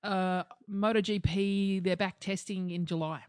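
A middle-aged Australian woman co-hosting a podcast, chatting casually and telling stories with lots of swearing and some deadpan. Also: medium pitch, slow pace, clean tone, no room sound, clean studio sound. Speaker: podcast co-host. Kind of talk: casual chat.

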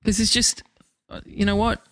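High-voiced Australian man, crude banter. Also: flat delivery, normal speed, a bit bright. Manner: laughs often, crude banter, swears. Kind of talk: casual chat.

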